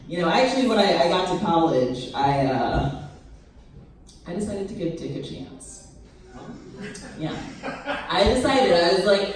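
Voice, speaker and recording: Young female stand-up, deadpan and punchy, recorded far off in a boomy club room. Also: measured pace, a little hiss or hum. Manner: deadpan, punchy delivery with put-on voices for her mom. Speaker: stand-up comedian. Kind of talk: stand-up comedy set. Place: comedy club stage. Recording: roomy club sound from a distance. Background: audience laughter.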